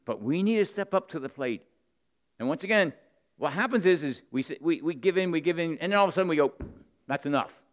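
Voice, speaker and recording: An expressive, fast-talking preacher speaks to the men of his church, sincere and direct. His sermon veers between loud, emphatic bursts and quiet, close asides.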